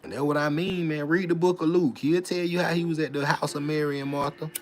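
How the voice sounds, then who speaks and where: A man giving a casual, preachy monologue, swinging between loud preaching and muttered asides, with repeated filler tags. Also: on the high side, steady tone, fast. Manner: repeats filler tags like "you know what I'm saying". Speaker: vlogger.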